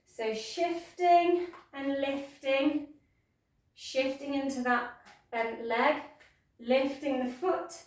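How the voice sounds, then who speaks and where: A woman teaching a yoga class, giving gentle, playful step-by-step cues. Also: high-pitched, slow, pauses often, recorded from a distance. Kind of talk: guided yoga class instruction. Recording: echoey room, voice from off mic.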